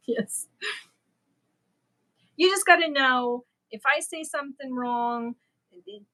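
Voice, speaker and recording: Slow-talking bright-voiced woman chatting on a livestream. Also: sits high, poor audio. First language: not English. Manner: chatty, self-deprecating, laughs often. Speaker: livestream host. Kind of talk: casual livestream chat with viewers.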